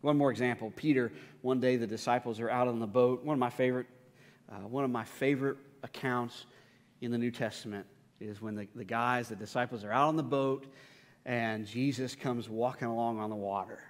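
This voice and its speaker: A man's voice: steady tone, a little fast. Man preaching in a reverberant hall. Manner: dramatic, acts out the Bible voices with rising pitch and force; repeats words and restarts often. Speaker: pastor. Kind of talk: sermon.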